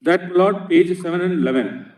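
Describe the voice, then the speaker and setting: Indian-accented advocate, roomy courtroom echo. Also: male voice, high-pitched, fairly quick, darkish tone. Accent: Indian English. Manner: earnest, inserts "Lord" before nearly every phrase. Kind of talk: courtroom legal argument. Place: large courtroom. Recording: echoey courtroom, distant mic.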